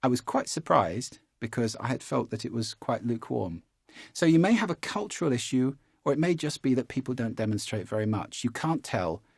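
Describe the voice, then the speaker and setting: A man, a public speaking coach giving a relaxed, conversational course lesson and demonstrating as he explains. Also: mid-range voice, fairly quick, creaky, husky, dry recording, clean studio sound.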